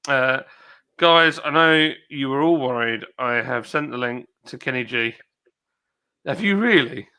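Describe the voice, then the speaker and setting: A man's voice: medium pitch, a little slow, bright, forceful tone, clean tone. A man hosting a casual livestream, chatting and reading viewers' comments aloud in a rambling way. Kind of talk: casual chat.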